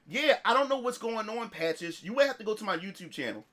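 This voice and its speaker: High, bright-voiced male streamer. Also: brisk. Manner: animated, profane, full of restarts. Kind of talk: casual storytelling on a livestream.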